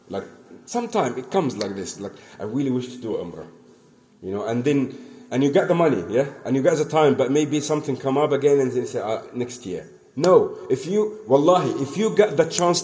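Earnest man preaching, mellow voice. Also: on the high side. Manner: earnest, repetitive, acts out the dialogue of the story. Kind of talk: sermon storytelling.

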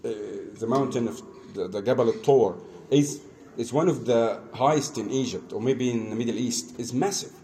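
A man preaching in English, telling a religious story in a conversational, halting way, acting out the dialogue. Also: medium pitch, warm tone, a little hiss or hum. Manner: conversational, halting, many restarts, acts out dialogue. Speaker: Islamic preacher. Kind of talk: storytelling sermon.

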